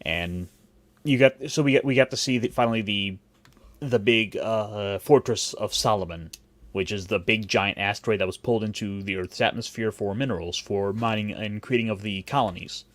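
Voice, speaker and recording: On the low side and at normal speed, the voice comes through a dry recording. It's a Cleveland podcast host, raised there and in Puerto Rico, whose casual chat rambles, jokes, and keeps restarting.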